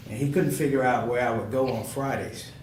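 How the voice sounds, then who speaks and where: Here a comedian in his forties speaks a little fast in a mid-range voice, telling panel stories and acting out quoted voices with laughter. The sound is roomy and echoing, a bit distant from the mic, with background noise underneath.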